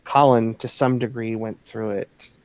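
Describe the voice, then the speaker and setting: A man voicing a calm, seasoned female werewolf mentor who speaks patiently and reassuringly. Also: on the low side, a little slow, natural voice. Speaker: game master. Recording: dull dry lo-fi recording.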